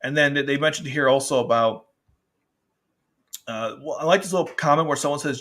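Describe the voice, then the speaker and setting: Male reviewer, casual rambling chat, mid-pitched, restarts often, slips into character voices. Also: expressive, fast talker, a bit bright. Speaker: anime and manga reviewer.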